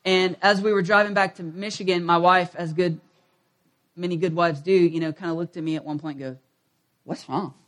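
A man pastor with a notably high-pitched voice delivers a sermon. He talks like he is sharing a story with friends, checking in with the congregation through questions as he goes. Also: steady tone, brisk, a bit bright. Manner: conversational storytelling, asks the audience questions.

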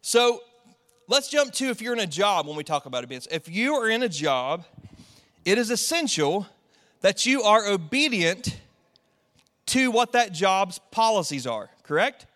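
High-voiced man preaching casually. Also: sing-song, moderate pace, fairly bright tone, long reverb tail. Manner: casual, conversational preaching with many fillers. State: tearful, sniffling. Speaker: pastor. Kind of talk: sermon.

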